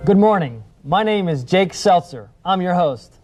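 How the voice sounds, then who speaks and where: A man with a high voice runs through greeting after greeting at a slow, deliberate pace, each one a scripted self-introduction. Music plays in the background of the recording. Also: expressive. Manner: repetitive, varied greetings. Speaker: presenter practicing introductions.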